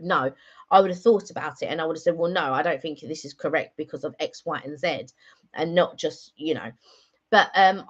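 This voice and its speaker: A woman's voice: fairly low pitch, fairly bright tone. A woman hosting a casual live stream chat, rambling and chatty with many fillers. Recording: dull lo-fi sound.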